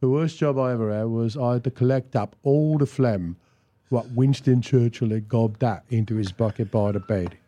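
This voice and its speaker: A man's voice: mid-range voice, moderate pace, dark tone, voice pushed down, natural voice. A man voicing a crude, rambling working-class man with a Cockney accent, telling a grim story in a gossipy, vulgar way. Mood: gleeful.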